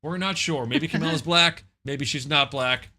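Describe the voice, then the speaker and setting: A man co-hosting a comedy fake-news segment, slightly tipsy, delivering deadpan satirical anchor patter. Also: a little high, normal speed. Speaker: co-host of a comedy news parody. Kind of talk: mock newscaster delivery.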